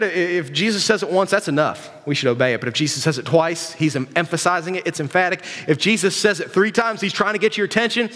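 This is a preacher whose voice is high and fairly bright. He delivers an informal sermon to youth, circling back over his points and asking rhetorical questions, all in a hall with long reverb.

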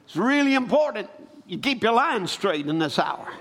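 A man preaching a sermon, rising from calm storytelling into loud, fervent exhortation. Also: high voice, normal speed. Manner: building to shouted exhortation.

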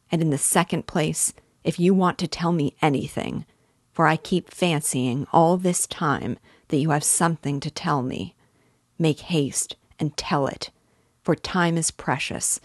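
A gloomy, impatient young man, as a woman reads him from a storybook, blunt and pressing. Her voice stays low and dry throughout. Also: no room sound.

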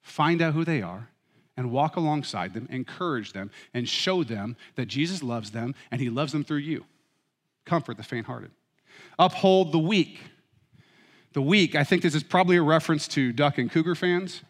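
A middle-aged man preaching a sermon as pastor, with humorous, animated storytelling. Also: fairly high pitch, a little fast. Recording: reverberant hall.

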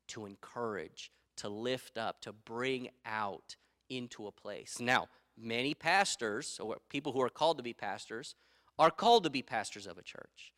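A man's voice: medium pitch, fairly bright tone. A middle-aged man preaching a sermon as pastor, emphatic and repeating his key phrases, with stories from his own life.

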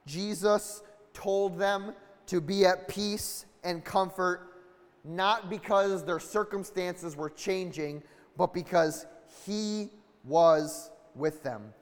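High-voiced guy preaching a sermon, earnest, really builds up, echoey church hall. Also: slow pace. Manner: earnest, building intensity, acts out quoted dialogue. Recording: long hall reverb.

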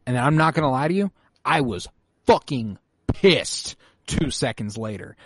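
Male podcast host, mid-pitched, dry close sound, animated recap delivery with casual swearing. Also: a little slow, slightly rough, no room sound. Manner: animated, swears freely, acts out big reactions. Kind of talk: casual chat.

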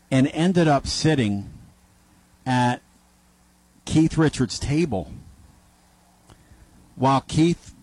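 A man's voice: mid-range voice, a little mellow, no room sound, low-quality recording. A man hosting a sports talk radio show, telling a long story in a casual, rambling way with asides and self-corrections.

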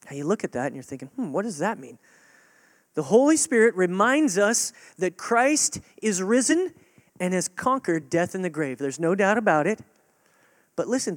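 A man preaching a sermon to his congregation, earnest and direct, swinging between loud urging and hushed, near-whispered lines. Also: a little high, no echo. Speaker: pastor.

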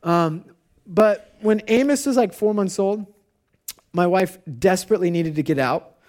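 A man in his thirties, a pastor, giving a conversational sermon and telling personal stories in an animated way. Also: sits high, a little slow.

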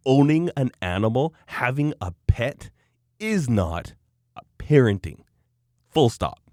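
A man's voice: mid-range voice, sing-song, slow pace, dark tone, no echo, studio quality. A man hosting a podcast who talks emphatically and holds firm opinions. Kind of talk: casual podcast chat.

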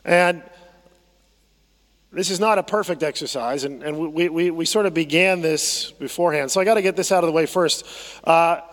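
A man's voice: a little high, moderate pace, fairly bright tone, big-room sound. A man preaching a sermon as pastor, conversational, often repeating phrases and asking the congregation to respond. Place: church sanctuary.

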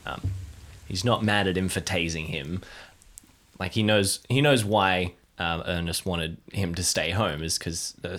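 A player in an improvised audio drama explaining his character hesitantly, with frequent pauses. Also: low-pitched, a bit bright. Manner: hesitant, lots of ums.

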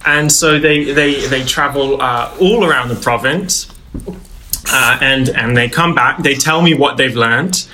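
A man improvising as a fake scientist in a comedy game on a call, telling an absurd story in a halting, deadpan way with many fillers. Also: medium pitch, a little hiss or hum, low-quality recording.

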